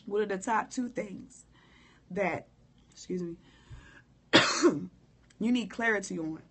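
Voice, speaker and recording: Hoarse woman giving a candid faith talk. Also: mid-range voice, takes it slowly, fairly bright tone. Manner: candid, informal, preacherly direct address. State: hoarse, coughing. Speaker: motivational speaker. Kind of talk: live-stream faith talk answering viewers.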